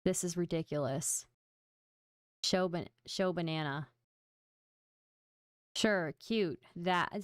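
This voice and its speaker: A livestream host with a lowish voice speaks slowly, leaving long pauses as she chats casually with viewers. She's playful and self-deprecating, talking right to chat, in studio-quality audio without room sound.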